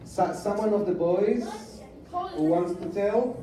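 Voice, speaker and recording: Woman, slow lively speech, playful teasing classroom quiz, guitar in background. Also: medium pitch. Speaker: visiting musician leading a class. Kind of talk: classroom language quiz with songs. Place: school music classroom. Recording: echoey room, mic far off.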